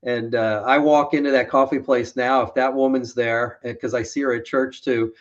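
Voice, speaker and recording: A man's voice: mid-range voice, fairly even intonation, normal speed. Man, co-host, easygoing storyteller, muffled lo-fi audio. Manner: laid-back storyteller, chuckles often. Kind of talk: casual podcast chat.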